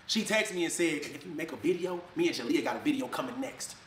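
High, fast-talking man, angry rant, echoey room. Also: expressive, fairly bright tone, slight background noise. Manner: angry, rapid, mocking quoted voices. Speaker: influencer addressing critics. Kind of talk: heated ranting video clip.

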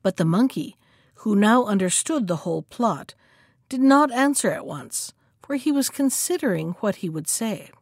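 A woman telling a folktale aloud as a library storyteller, with a measured, clear delivery. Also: mid-range voice, animated, a little mellow, dry recording, studio quality. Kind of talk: storybook read-aloud narration.

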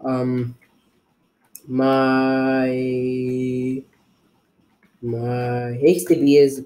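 Young male gamer, casual rambling commentary, slow delivery, put-on unplaced accent for laughs. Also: mid-range voice, mellow. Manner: rambling, jokey, talks to viewers while playing. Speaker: gaming video creator.

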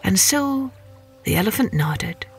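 A woman telling stories for children, reading in a gentle, expressive and unhurried way as host. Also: medium pitch, breathy edge, soft background music. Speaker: children's storyteller. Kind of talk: children's storytelling.

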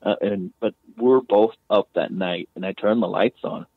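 In a dry recording carried over a phone-like remote line, a man with a lowish voice speaks at normal speed. He's a guest author casually telling a personal story, rambling, restarting often, and leaning on "you know" and "man."

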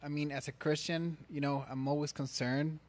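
A man's voice: fairly high pitch, little pitch movement. A man who grew up in the Middle East, speaking hesitantly in casual chat as a podcast co-host. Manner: hesitant, halting, many restarts.

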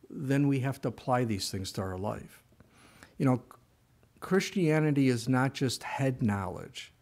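A man who is a pastor preaches through conversational storytelling, full of animated asides. His voice spikes into high, strained bursts as he acts out his own complaining.

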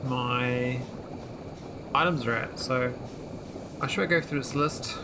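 Over a noisy background, a man gives slow, casual commentary on the game he's playing. His voice is mid-range, and he thinks aloud, full of fillers and restarts.

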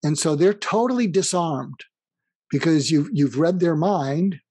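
A man with a voice a bit higher than most talks as a guest author in a close, dry recording. He explains his ideas through anecdotes and acts out bits of dialogue as he goes. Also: expressive, a little slow, dark tone, slightly rough, no room sound. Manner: explains through stories, acting out quoted dialogue. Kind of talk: conversational advice interview.

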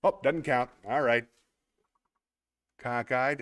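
Smooth-voiced man hosting a casual word game. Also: mid-range voice, lively intonation, normal speed. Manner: chatty, self-mocking, thinks aloud while playing. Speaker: host. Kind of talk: casual livestream chat while playing a word game; warm heartfelt sign-off to viewers.

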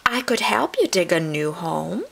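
A woman voicing a small, helpful female chipmunk with a squeaky, eager voice in a children's storybook reading. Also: big pitch swings, measured pace, creaky, fairly bright tone, heavily acted. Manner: chirpy and eager.

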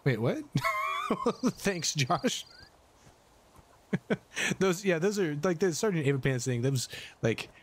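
A man's voice: on the high side, lively intonation, measured pace, long pauses, a little hiss or hum. A middle-aged man streaming a survival game, chatting casually, thanking viewers and swearing at scares. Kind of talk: casual live gameplay commentary.

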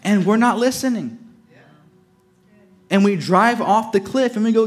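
A man delivering a sermon as pastor, emphatic, swinging from raised to hushed and stretching key words slowly. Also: high voice, animated.

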